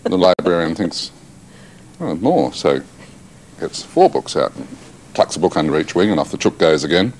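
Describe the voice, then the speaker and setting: A man with a very low voice tells chicken jokes on a morning TV show. His pitch rises and falls freely as he spins the story. His manner is playful and easygoing. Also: moderate pace, long pauses, slight background noise. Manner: jokey storyteller, lively delivery. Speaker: guest and event emcee. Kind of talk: casual TV chat.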